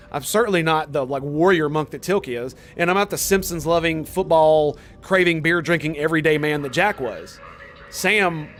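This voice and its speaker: A young man streaming a game and chatting casually, excited and rambling, full of "dude" and "man". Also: fairly high pitch. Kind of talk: casual chat while streaming.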